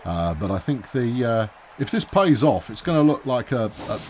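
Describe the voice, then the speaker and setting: A man with a medium-pitched voice and big swings in pitch talks at a moderate pace, sounding a little mellow over slight background noise. He's a gaming video host doing let's-play commentary on a baseball video game, wry and chatty, often talking to himself.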